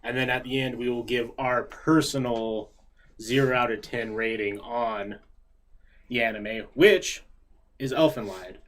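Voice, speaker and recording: A man's voice: medium pitch, level tone, unhurried, fairly bright tone, slight background noise. A man hosting an anime review podcast, steering the talk in casual chat. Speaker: podcast host.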